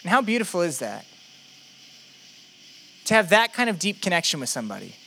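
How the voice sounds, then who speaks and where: A male pastor preaches in a relaxed, conversational way and asks his listeners many rhetorical questions. His voice is high and bright. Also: fairly quick, creaky, a little hiss or hum. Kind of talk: sermon.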